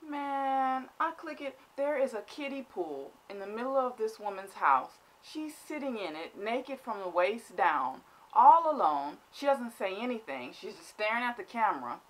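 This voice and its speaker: Animated woman telling a comic story. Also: mid-range voice. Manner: animated, exaggerated, mock-dramatic. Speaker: vlogger. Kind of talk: comedic storytelling vlog.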